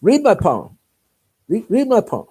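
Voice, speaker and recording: A man's voice: sits high, huge pitch swings, unhurried, warm tone, breathy edge, voice pushed up, exaggerated voice. A man voicing an insistent older Haitian woman who presses him to read palms and objects. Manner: pressing, commanding.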